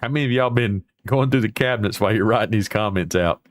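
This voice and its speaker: A livestream host with a fairly low voice talks at a quick pace. He reads out viewer comments and responds in a loose, folksy ramble, sprinkled with mild swearing.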